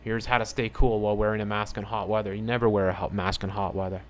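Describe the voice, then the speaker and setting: A man with a slightly low voice delivers a heated commentary on the news. He reads headlines aloud and answers them with sarcasm and open indignation. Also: flat delivery, fast, a little hiss or hum. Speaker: channel host.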